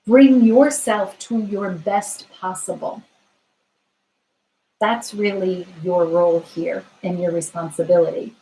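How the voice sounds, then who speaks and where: Woman tarot reader on a live stream, gentle and reassuring, mid-pitched, lots of thinking-aloud fillers. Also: low-quality recording. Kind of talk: live-stream card reading, answering viewer questions.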